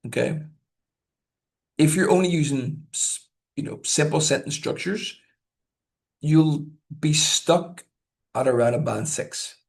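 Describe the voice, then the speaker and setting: Slow, gravelly-voiced male examiner. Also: fairly high pitch. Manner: deliberate, checks in with frequent "okay?"; demonstrates stress and intonation with example sentences. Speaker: IELTS examiner giving tips. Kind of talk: teaching talk to learners.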